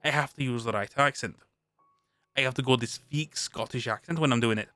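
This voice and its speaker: A man's voice: medium pitch, brisk, bright, forceful tone, dry recording, soft background music. A British man streaming live, reading a tabletop game rulebook aloud and chatting about it between passages. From Britain. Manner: reads aloud then chats, with restarts.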